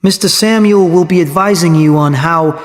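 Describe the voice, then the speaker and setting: A man doing a brisk, businesslike film producer. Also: on the high side, voice pushed up, close to an everyday voice. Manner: explaining, businesslike. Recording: long hall reverb.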